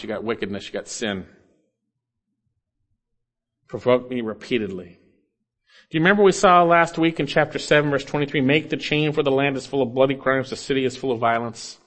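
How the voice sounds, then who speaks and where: Male pastor, expository sermon, earnest delivery with loud peaks and quiet drops. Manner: earnest preaching, rising loud on scripture quotes then dropping low.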